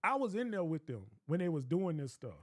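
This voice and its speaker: A man's voice: on the high side, big pitch swings, brisk, dry recording, clean studio sound. A young man telling a rambling, profane story in casual chat, often breaking into laughter. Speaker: streamer.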